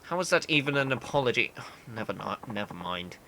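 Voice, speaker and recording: A man voicing a whiny, haughty young male aristocrat and weapons master in a video game, with a deep voice and a condescending, scolding manner. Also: big pitch swings, fairly quick, vocal fry, bright, forceful tone, a little hiss or hum, heavily acted. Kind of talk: reading game dialogue aloud.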